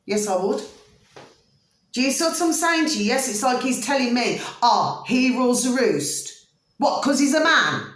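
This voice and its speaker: A woman vlogging in a lively, wound-up rant, pitch swinging high then dropping low as she retells a row. Her voice sits a little high for a woman and rings in an echoey room. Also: normal speed. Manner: animated, repeats "I said", calls viewers "my delicious little babies". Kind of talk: ranting monologue to viewers.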